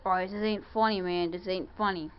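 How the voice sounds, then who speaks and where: A woman chatting playfully in a home toy video, with hushed asides and sudden shouts. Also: medium pitch, fairly even intonation, fairly quick, clean tone, dull audio.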